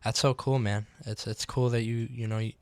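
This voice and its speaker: This is a male radio host chatting with a guest in the studio, with a smooth, clear voice. He keeps his pitch quite flat and even, and talks in a relaxed, affirming way, with plenty of fillers and restarts. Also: normal speed, dry recording. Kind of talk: casual conversational interview.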